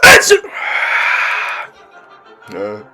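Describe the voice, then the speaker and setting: A woman playing along with a kids' game, excitable and calling out loudly, with mumbled, halting phrasing. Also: soft background music.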